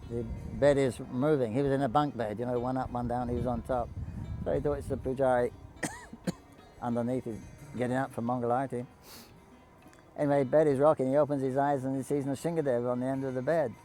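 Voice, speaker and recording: A man casually telling devotional stories to a group, halting often with restarts, coughs and throat clearing. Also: mid-range voice, warm tone, low-quality recording. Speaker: storyteller speaking to pilgrims.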